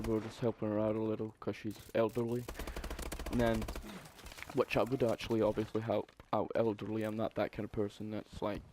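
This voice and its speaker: A young man telling a story in a casual, profane, animated way, with exasperated asides. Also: fairly low pitch, a little hiss or hum. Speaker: vlogger.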